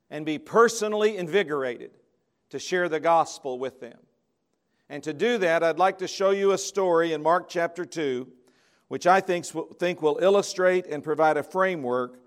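A man with a notably high voice delivers a sermon to a gathering. He is emphatic, dropping to soft, drawn-out words and then pressing louder on key phrases. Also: clean tone. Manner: emphatic, swings between soft and loud. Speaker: preacher giving a convocation message.

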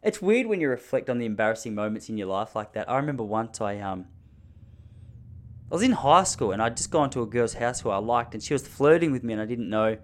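Man, comic storyteller, animated and self-mocking, mid-pitched voice. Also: fast. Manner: animated, self-mocking, jumps into high panicky voices for his younger self.

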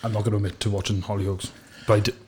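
A man's voice: fairly low pitch, level tone, very fast, darkish tone, slight background noise. A man hosting a casual podcast interview, joking and laughing easily with his guest. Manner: jokey, laughs often and teases the guest. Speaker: podcast host.

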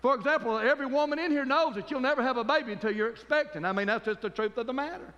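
High-voiced fervent preacher, echoing hall. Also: male voice, racing, pushed and bright, muffled recording. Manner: fervent preaching with call-and-response amens. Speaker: pastor. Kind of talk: sermon.

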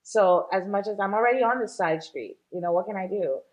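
A woman's voice: mid-range voice, brisk, darkish tone, lo-fi sound. A woman guest in a casual interview, a shop owner talking chattily with many fillers and easy laughs.

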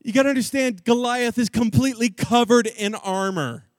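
High-voiced jokey male preacher. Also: normal speed, dry recording, studio quality. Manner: animated, jokey, slangy. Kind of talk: storytelling sermon.

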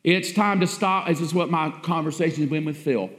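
Fairly high-pitched and fairly quick, a pastor delivers an emphatic, repetitive sermon full of rhetorical questions to his congregation. He speaks in a church sanctuary whose hall echoes.

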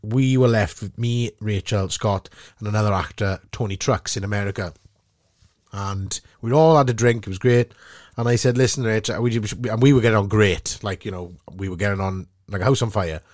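A Welsh podcast host with a somewhat low voice tells a story in an animated way and laughs easily. The sound is close and dry. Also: male voice, normal speed, no echo. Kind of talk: casual chat, storytelling.

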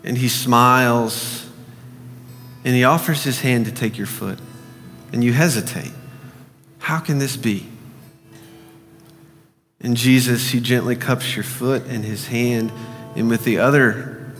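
Gentle pastor guy talking slow over quiet guitar, echoey church. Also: mid-range voice. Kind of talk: guided meditation sermon. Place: church sanctuary. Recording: church hall reverb with soft guitar.

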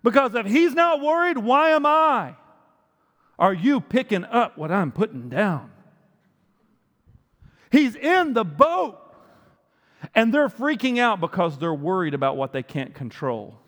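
High-voiced preacher in an echoing hall. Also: male voice, a little slow, pauses often. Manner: animated storytelling with rhetorical questions. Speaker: pastor. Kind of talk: sermon.

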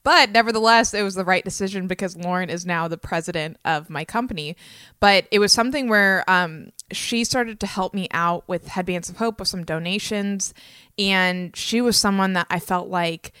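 A woman's voice: mid-range voice, normal speed, pushed and bright, clear, resonant tone, no echo, studio quality. A woman in her thirties hosting her own podcast in a casual, upbeat, chatty way, speaking with a slight lisp and peppering her talk with filler words. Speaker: podcast host.

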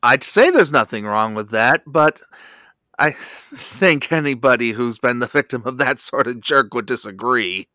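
A man's voice: mid-range voice, animated, a little slow, bright, forceful tone, no room sound, studio quality. A man co-hosting a podcast, chatting casually and reeling off facts and credits. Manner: informative, lists facts and credits. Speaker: podcast co-host.

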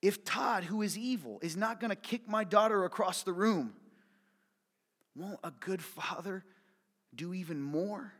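A man preaching a sermon with a somewhat high voice, full of feeling. He drops to soft near-whispers, then swells into loud, urgent appeals. His voice carries through a hall with a long echo. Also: a little slow. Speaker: pastor. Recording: reverberant hall.

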